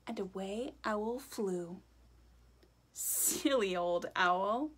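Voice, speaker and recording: A woman reads a children's picture book aloud in a gentle, chatty way, pausing to talk to her young listeners. Her voice is soft and a little breathy. She reads slowly, her pitch rising and falling a great deal. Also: very animated.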